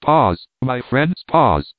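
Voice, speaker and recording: A man voicing a calm, authoritative doctor who leads an expedition and reasons deliberately. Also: mid-range voice, no echo. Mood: measured. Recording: tinny phone-like dry sound.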